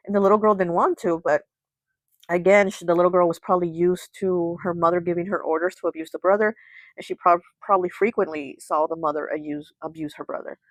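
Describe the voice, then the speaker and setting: A woman tells a story in a loose, chatty way and keeps dropping in "you know" and "like." Her voice is a little low, and it sounds close and dry, with no room echo. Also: fairly even intonation, quick pace. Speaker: tarot reader and channel host. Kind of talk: casual storytelling.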